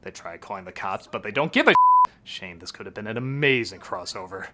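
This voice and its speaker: A man's voice: fairly low pitch, expressive, brisk, pushed and bright. A man reviewing a film in a comedic, sarcastic style, with jokey asides. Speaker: film critic. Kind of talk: comedic movie review narration.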